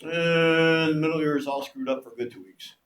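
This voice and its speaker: A man teaching a class, telling a story in an animated way and acting out the voices of the people in it. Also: fairly high pitch, a little fast. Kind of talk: classroom lecture with anecdotes. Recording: echoey room with faint background noise.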